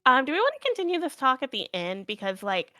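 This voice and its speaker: A woman's voice: high voice, big pitch swings, bright, forceful tone, dry recording, studio quality. A woman playing a tabletop game, talking casually and teasing the other players. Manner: teasing, quick to challenge others.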